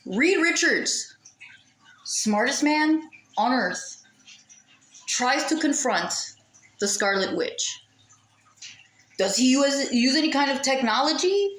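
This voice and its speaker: A woman with a fairly high voice, ranting in a loose, sarcastic way and cursing freely as her frustration shows. The sound comes from a camera mic in a room with a noticeable echo. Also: a bit bright. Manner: sarcastic, exasperated, swears freely. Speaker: vlogger. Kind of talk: casual rant.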